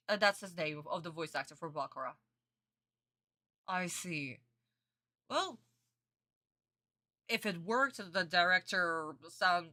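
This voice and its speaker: Low, bright-voiced woman streamer. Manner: chatty, calls viewers sweeties and honey; talks back to chat comments. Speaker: streamer reacting to a cartoon. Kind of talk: casual live-stream commentary.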